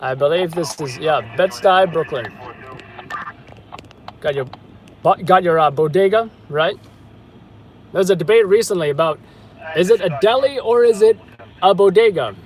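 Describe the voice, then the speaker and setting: A man's voice: high-pitched, normal speed, pauses often, a little mellow. A man hosting a live news stream, chatting casually in a rambling, hesitant way with lots of fillers.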